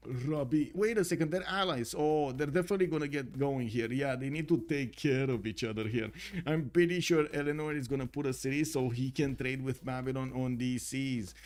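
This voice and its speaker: A man casting a strategy game tournament on a live stream, excitable and chatty, talking to his chat. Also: medium pitch. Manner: excitable, chatty, many fillers and restarts. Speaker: tournament caster.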